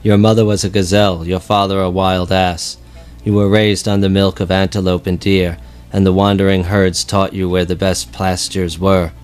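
A warrior king mourns his dead friend in a long chanted lament, read by a man with a very deep voice. The lines roll on in a steady, mournful rhythm with little change in tone. Faint music plays underneath. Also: clean tone, close to an everyday voice.

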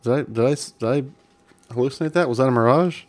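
A man's voice: medium pitch, fairly quick, dry recording. A man casually commenting while playing an old adventure game, reading game text aloud with amused chuckles.

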